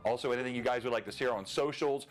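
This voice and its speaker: A man's voice: mid-range voice, racing. A man hosting a live tabletop lore stream, chatting casually with many filler words and easy laughs.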